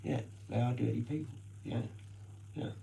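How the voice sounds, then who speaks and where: A man's voice: mid-range voice, moderate pace, vocal fry, warm tone, a little hiss or hum, poor audio. An Australian man ranting casually on a live stream, rambling and swearing constantly in slang.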